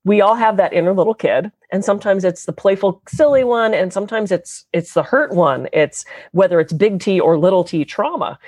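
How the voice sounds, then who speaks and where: A woman's voice: mid-range voice, brisk, hardly any pauses, darkish tone, no echo. A woman guest speaking as a therapist, explaining her work in an earnest, conversational way. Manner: earnest, explanatory, slips into quoted voices.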